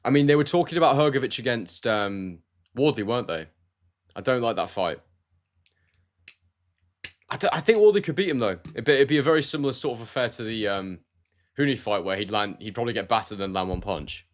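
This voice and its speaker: Brisk but pausing often, this man's mid-range voice carries a neutral southern English accent without any regional trace, though he's from Scotland. Relaxed and chatty, he calls his viewers "mate" while hosting a casual live stream about boxing and reading their comments. He's in a warm room at home.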